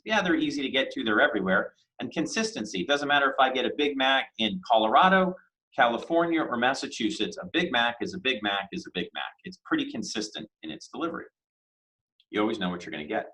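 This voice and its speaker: A man lecturing on business in an easygoing, conversational way. He asks questions out loud and punches key words with sudden emphasis, at a middling pitch for a man. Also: poor audio. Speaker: business instructor.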